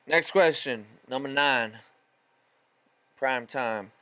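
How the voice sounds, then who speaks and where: A man's voice: medium pitch, animated, takes it slowly, pauses often, pushed and bright, clean tone. A man hosting a solo podcast, delivering a profane, fired-up motivational rant in casual street slang. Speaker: podcast host.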